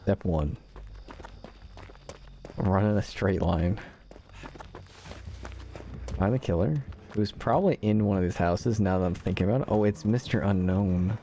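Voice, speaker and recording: A slightly hoarse man streaming a game, chatting casually and joking at his own expense to viewers. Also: sits low, a little slow, pauses often, dark tone, slight background noise. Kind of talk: casual gameplay commentary.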